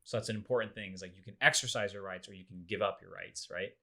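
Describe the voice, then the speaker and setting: Lively low-voiced man retelling a story. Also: fast talker, creaky. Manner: animated storyteller, acts out quoted people. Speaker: podcast co-host. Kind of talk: casual discussion podcast.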